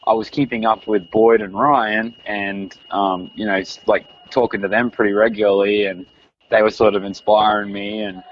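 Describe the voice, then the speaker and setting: A man's voice: on the low side, fairly even intonation, normal speed. An Australian man, around his thirties, chatting casually as an interview guest, rambling with lots of fillers and restarts. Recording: dull lo-fi recording.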